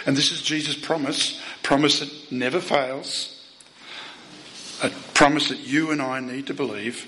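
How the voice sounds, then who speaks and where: A man preaching a sermon, emphatic, asking the listeners rhetorical questions and swinging between loud and soft. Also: mid-range voice, steady tone, unhurried, a little hiss or hum, low-quality recording.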